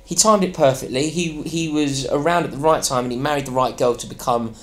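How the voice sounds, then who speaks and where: A man's voice: on the high side, fairly quick. A man, a guest on a football podcast, blunt and opinionated and given to rants. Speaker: podcast guest, fan channel host. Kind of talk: casual football podcast chat.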